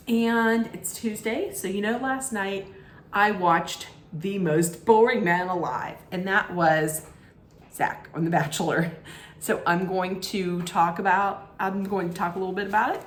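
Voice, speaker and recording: A woman recaps a reality dating show in a casual, sarcastic vlog, cracking dry jokes. Her voice sits on the lower side and she talks at an unhurried, drawn-out pace. The sound is roomy and echoey. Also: a little hiss or hum. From United States. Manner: sarcastic, joking commentary. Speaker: vlog host.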